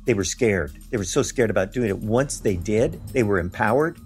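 A man's voice: on the low side, expressive, moderate pace, darkish tone, soft background music. A man talking as a guest, earnestly telling personal stories and acting out the voices of the people he quotes. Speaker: guest telling of mission trips. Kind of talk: animated personal storytelling.

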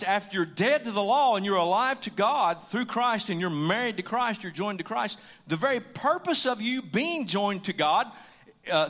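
A man's voice: high-pitched, sharp tone. A man preaching a sermon with emphasis, repeating his key lines for weight. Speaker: pastor. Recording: hall reverb.

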